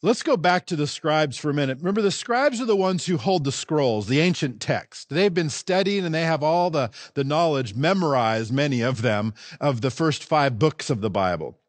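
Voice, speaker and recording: A man's voice: fairly high pitch, moderate pace, few pauses, dry recording. A man preaching a sermon as pastor in a church, speaking emphatically and swinging his delivery up and down for emphasis. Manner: emphatic, animated preaching with rising and falling emphasis.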